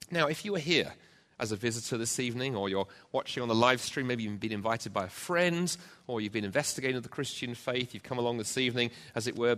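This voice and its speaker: A man's voice: mid-range voice, fairly bright tone. A man preaching an emphatic sermon to a church congregation, driving points home with rhetorical repetition. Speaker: pastor. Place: church, also live-streamed.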